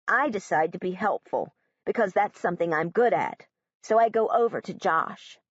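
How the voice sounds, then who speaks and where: A woman reads an audiobook in the first person as a young girl, literal and matter-of-fact, her pitch swinging in a lively way. The recording is dull and muffled and very dry. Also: moderate pace, no echo. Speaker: audiobook narrator.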